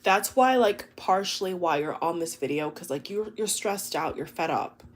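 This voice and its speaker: Pitched fairly low and moving at a normal speed, a woman gives her viewers a collective tarot reading. She talks in an emotive, chatty way, packed with exclamations and filler words.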